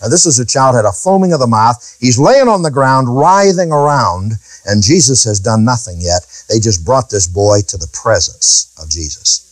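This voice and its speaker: A male preacher teaching from scripture with emphatic delivery. He keeps throwing rhetorical questions at his listeners, and his pitch rises and falls widely. The sound is dry and close, with no room echo. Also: expressive, moderate pace, hardly any pauses. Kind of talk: Bible teaching sermon.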